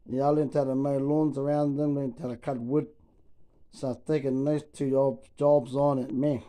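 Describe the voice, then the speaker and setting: A man's voice: medium pitch, flat delivery, moderate pace, mellow. Laid-back New man spinning yarns. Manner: laid-back, swears freely, calls people bro. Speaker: storyteller. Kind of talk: casual yarn-telling.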